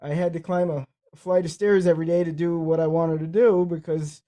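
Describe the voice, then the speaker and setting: A man's voice: a little high, fairly even intonation, fairly quick, dark tone. A man co-hosting a podcast, telling stories in a rambling, casual way, his speech affected by cerebral palsy. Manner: rambling, repeats words and restarts. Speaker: podcast co-host. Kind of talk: casual conversational storytelling.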